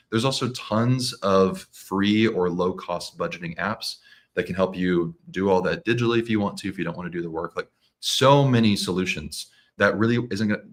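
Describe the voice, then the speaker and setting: Low-voiced man, relaxed and hesitant. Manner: relaxed, stammers on restarts, uses "like" a lot. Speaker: mortgage lender, guest. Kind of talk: casual interview chat.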